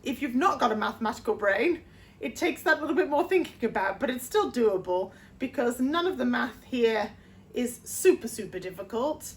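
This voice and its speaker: A woman's voice: on the high side, expressive. A woman, a vocal coach explaining sheet-music rhythm step by step and singing short phrases to demonstrate. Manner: explains slowly, sings short demo phrases. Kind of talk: music theory lesson.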